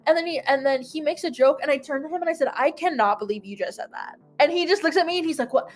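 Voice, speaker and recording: A woman's voice: high voice, fast, soft background music. A young woman casually telling a long story, full of "like" fillers and acted-out quotes. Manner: rambling, filler-heavy "like", animated retelling. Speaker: host.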